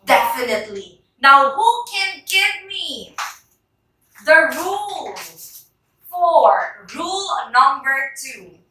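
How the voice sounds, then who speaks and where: A woman teacher with a Filipino accent leads a lesson at an unhurried, deliberate pace. Her voice is high and bright, and she praises students as she drills them. She sounds distant, in a very echoey classroom. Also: very animated. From Philippines. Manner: encouraging, drills words aloud with the class. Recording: roomy echo, voice from far off.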